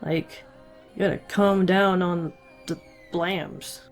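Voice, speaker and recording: A woman's voice: lowish voice, steady tone, takes it slowly, faint music behind. A woman recapping an anime episode in casual narration, chatty and sarcastic, leaning on lots of "like" fillers.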